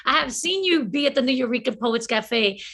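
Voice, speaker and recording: A woman actor and filmmaker chats casually over a video call online, telling stories as an animated storyteller who acts out the quoted lines. Her voice sits high, with vocal fry and a moderate pace.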